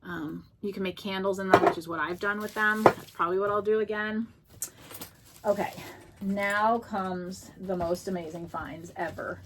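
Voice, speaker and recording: A woman's voice: medium pitch, steady tone, normal speed, noisy background. A woman casually showing off her thrift finds, chatty and gushing, with many ums and restarts. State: out of breath. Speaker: thrift vlogger. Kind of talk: casual show-and-tell chat. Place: home.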